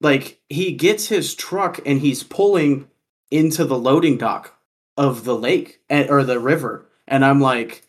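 A man from Kansas telling a story in casual chat, animated and profane, with lots of "like" fillers. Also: medium pitch, unhurried.

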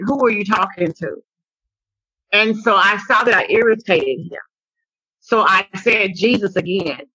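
A woman from Dallas, Texas, shares personal testimony in a podcast interview. Her voice is husky yet bright and tense, and she circles back on phrases as she goes. The sound is close and dry. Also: mid-range voice, dry recording, low-quality recording. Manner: earnest, halting storytelling with repeated phrases. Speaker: podcast guest, survivor advocate.

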